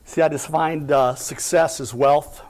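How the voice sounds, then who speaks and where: A man's voice: fairly high pitch, fairly even intonation, unhurried, a little mellow. A man giving an inspirational talk, telling his own story with emphatic rhetorical questions. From United States. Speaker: company president giving a talk. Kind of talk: inspirational speech.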